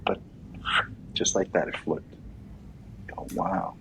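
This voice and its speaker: A man speaking as a guest in a casual interview, animated and quick to act out what others say. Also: slight background noise, poor audio. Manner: animated, acts out quoted voices loudly.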